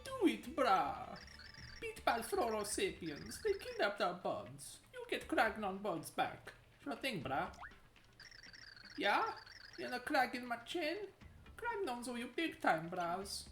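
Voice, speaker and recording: A woman's voice: on the high side, wildly swooping pitch, takes it slowly, a bit bright, exaggerated voice. A woman voicing a dim-witted male rock-creature chief who talks in broken grammar and surfer slang, with a made-up Italian-country accent. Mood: pleading. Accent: made-up accent, Italian with a country twang. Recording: echoey room with game music.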